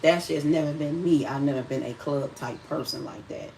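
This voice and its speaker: A woman's voice: low voice, moderate pace, creaky, darkish tone, distant mic, a little hiss or hum, low-quality recording. A woman from Detroit with a Detroit accent, talking casually on a livestream, rambling and restarting her sentences often. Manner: rambling, conversational, with many restarts. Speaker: livestream host.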